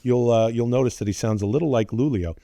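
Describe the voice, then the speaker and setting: A man's voice: mid-range voice, quick pace, creaky, warm tone, no room sound, clean studio sound. Rambling, swearing man in his forties. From North America. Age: 40s. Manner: rambling, swearing, restarts, put-on voices for relatives. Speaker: podcast co-host. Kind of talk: casual storytelling chat.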